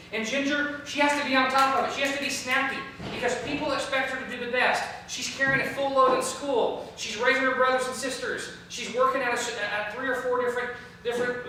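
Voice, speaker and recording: A man who leads a youth ministry, giving a storytelling training talk, lively and often repeating words as he searches for them. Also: extremely high pitch, recorded from a distance, a little hiss or hum. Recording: echoey room, voice from afar.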